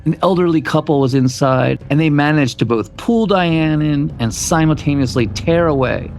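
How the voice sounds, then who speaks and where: A man's voice: on the high side, moderate pace, creaky, darkish tone, slight background noise. A man co-hosting a podcast, reading a true crime story from a script and dropping his voice at the grim parts. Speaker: podcast co-host.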